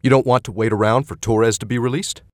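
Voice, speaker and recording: A man's voice: medium pitch, steady tone, quick pace, no room sound, studio quality, voice pushed up, lightly acted. A man voicing a mocking detective. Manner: mocking, probing questions. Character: sardonic needling male police detective. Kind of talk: audiobook character voice.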